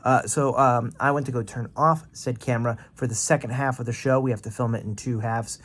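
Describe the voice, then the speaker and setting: A man's voice: medium pitch, fairly even intonation, a little fast, a bit bright. A man co-hosting a podcast, chatting casually about a film in a rambling, easygoing way with self-deprecating humor. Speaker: podcast co-host. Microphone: studio mic.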